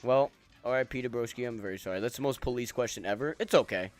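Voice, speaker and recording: A man's voice: medium pitch, quick pace, soft background music. A young man streaming a game, chatting loosely with friends and chat in profane, rambling banter. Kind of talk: casual gaming stream chat.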